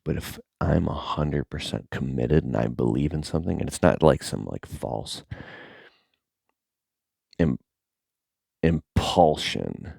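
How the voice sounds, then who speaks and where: A middle-aged man talking casually to camera as a content creator, rambling and animated, sometimes dropping to a near-whisper. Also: extremely low pitch, takes it slowly, vocal fry, pauses often, husky, dry recording, studio quality.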